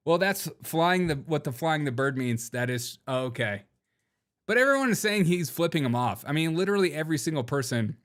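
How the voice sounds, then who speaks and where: A young man hosts a casual political commentary show, joking and laughing often and mocking people in put-on quotes. His voice is medium in pitch and a bit bright.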